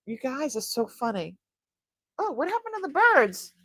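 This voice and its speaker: A woman's voice: high-pitched, very animated, normal speed, fairly bright tone, slightly rough, no echo. A middle-aged woman hosting a live jewelry sale, chatting casually with her viewers, often laughing and trailing off mid-sentence. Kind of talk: casual live-stream chat.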